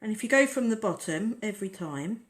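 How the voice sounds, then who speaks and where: A woman's voice: medium pitch, lively intonation, a little fast. A woman hosting a casual nail-art tutorial, chatting and rambling as she works on the nails. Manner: chatty, rambling, talks while working.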